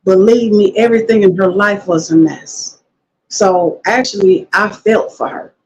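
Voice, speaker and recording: Animated woman telling a story, lo-fi. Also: medium pitch, measured pace. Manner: animated storytelling, quotes others in lively voices. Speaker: guest. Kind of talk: casual conversational interview.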